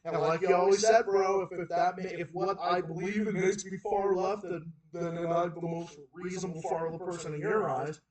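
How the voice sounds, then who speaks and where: A man's voice: sits high, fairly even intonation, moderate pace, few pauses, a little mellow. A man with a Boston accent hosting a livestream and ranting heatedly about politics, repeating himself and restarting sentences. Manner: heated, repetitive, emphatic ranting with many restarts. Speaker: livestream host. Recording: roomy echo, far from the mic.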